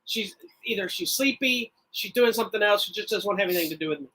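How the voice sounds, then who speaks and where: A middle-aged man co-hosting a podcast, telling stories in a rambling, animated way with frequent restarts. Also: high-pitched, quick pace, rough recording. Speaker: podcast co-host. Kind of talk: casual chat.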